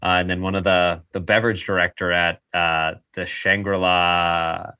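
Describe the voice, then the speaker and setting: A man hosting a podcast talks in a loose, joking ramble, stopping to fix his own words as he goes. His voice sits fairly low but has a bright, forceful edge. The sound is dry and close, with no room around it. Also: little pitch movement, normal speed, clear, resonant tone, no echo. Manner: rambling, jokey, often restarts and corrects himself. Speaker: podcast host. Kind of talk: casual chat.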